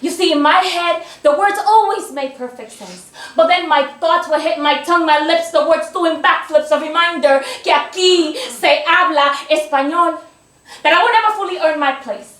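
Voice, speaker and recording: A woman with a Spanish accent delivers a spoken-word poem in a very high, bright voice, rhythmic and declamatory. She is caught from a distance in an echoey museum space. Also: normal speed. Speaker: competing poet. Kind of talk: spoken-word poetry performance. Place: museum event space with live audience. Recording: echoey room picked up from afar.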